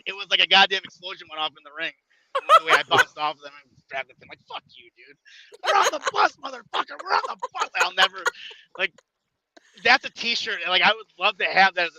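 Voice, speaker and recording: A man in his thirties with a Chicago-area accent, a wrestler telling stories on a podcast in an animated way, acting out other people in loud bursts and swearing freely. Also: sits high. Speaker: independent wrestler, podcast guest. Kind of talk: casual storytelling chat. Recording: dull lo-fi podcast audio.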